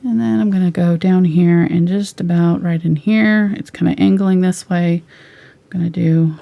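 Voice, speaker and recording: Gravelly-voiced woman teaching painting. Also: lowish voice, normal speed. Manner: relaxed, chatty, drifts into soft whispers while painting. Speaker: painting instructor. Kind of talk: live painting tutorial.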